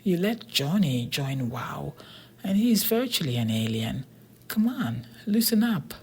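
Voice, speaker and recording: A calm boy genius who explains things matter-of-factly, as a breathy narrator voices him. The reading is husky and often half-whispered. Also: medium pitch, unhurried, exaggerated voice. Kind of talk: storybook character voice.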